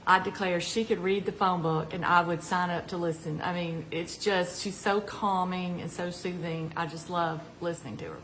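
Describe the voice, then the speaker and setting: A woman's voice: on the low side, steady tone, moderate pace, few pauses, a little hiss or hum, rough recording. Chatty Southern woman cooking at home. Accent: Southern American. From American South. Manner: chatty and folksy, with fillers and warm asides. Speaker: cooking show host, retired home ec teacher. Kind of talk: casual cooking demonstration. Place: home kitchen. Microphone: camera nearby.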